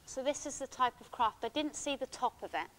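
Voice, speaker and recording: A woman giving a conference talk, recounting a personal experience in a halting, emotional way with many restarts. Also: high-pitched, animated, a bit bright, rough recording. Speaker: conference speaker. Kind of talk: first-person account given as a conference talk. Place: conference hall.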